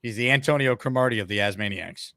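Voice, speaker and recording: A man's voice: mid-range voice, fast talker, a bit bright, no room sound, studio quality. A man hosting a live call-in sports talk show, upbeat and hyping callers and promotions. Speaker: show host.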